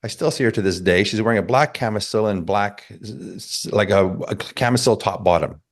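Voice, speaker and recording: A man telling a personal story in a casual chat, animated and acting out the quotes. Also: on the low side, fast talker.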